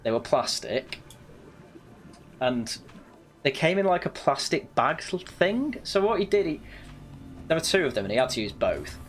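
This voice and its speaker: A young man from northern England, his accent a touch posh, hosts a gaming channel and rambles through a casual let's-play. His fairly high voice has a sing-song lilt, and he's unhurried, pausing often while he tells anecdotes, laughs a lot and corrects himself. Faint music plays behind him.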